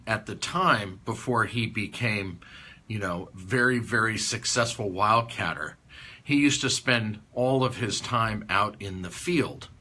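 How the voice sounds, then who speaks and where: Bright-voiced man telling a folksy story. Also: fairly low pitch, slight background noise. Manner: rambling, folksy. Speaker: conference speaker. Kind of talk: anecdotal storytelling talk.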